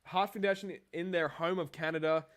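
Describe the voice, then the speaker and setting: A man's voice: a little high, fairly even intonation, a little fast, a bit bright. A young man co-hosting a wrestling review podcast, rambling and swearing in casual chat. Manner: profane, rambling, jokey. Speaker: podcast co-host.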